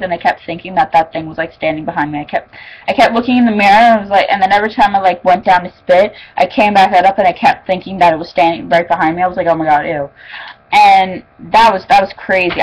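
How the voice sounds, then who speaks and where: A young woman casually recapping a TV episode, chatty and excitable, full of fillers and exclamations. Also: mid-range voice, poor audio. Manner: chatty and excitable, lots of "like" and "oh my god". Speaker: fan reviewing an episode.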